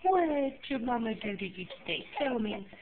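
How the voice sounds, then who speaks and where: A woman's voice: a little high, very animated, normal speed. A grandmother talking to an infant in coaxing, sing-song baby talk at home. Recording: tinny lo-fi home video with noise.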